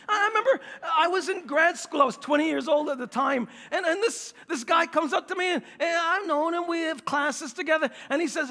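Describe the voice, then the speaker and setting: A man with a New York accent preaches a sermon in a large hall, and his voice carries a long reverb. He sits high and a little gravelly for a man. He jokes and acts out everyday scenes, then slows down and softens for scripture. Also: lively intonation. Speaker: pastor.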